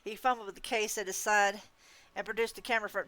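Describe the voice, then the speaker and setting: A woman hosting a live reading of a novel, narrating in first person with expressive delivery. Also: medium pitch, quick pace, dry recording. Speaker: host reading a novel on livestream.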